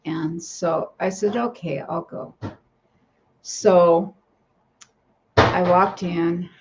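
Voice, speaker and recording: A woman's voice: lowish voice, fairly even intonation, drawn-out words, a little hiss or hum. A woman vlogger telling a personal story in a rambling, casual way, breaking off now and then to talk to her cats at home. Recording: dull lo-fi home recording.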